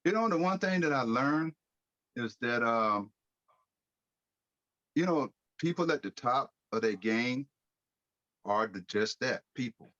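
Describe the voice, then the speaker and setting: A middle-aged American man telling his life story in a podcast interview, lively, with casual slang and acted-out quotes. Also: mid-range voice, slow pace, pauses often, dry recording, lo-fi sound. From United States. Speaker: guest speaker.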